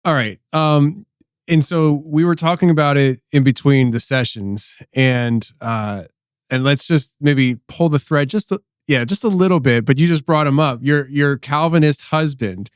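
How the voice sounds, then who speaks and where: Brief: male interviewer, casual, halting questions, dry close sound. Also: fairly high pitch, clean tone, no echo. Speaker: podcast host.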